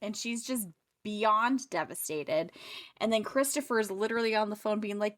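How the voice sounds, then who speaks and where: A woman's voice: medium pitch, moderate pace. A woman co-hosting a book club podcast, chatting casually and acting out characters' lines as she retells the plot. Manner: animated, acts out characters' lines while retelling.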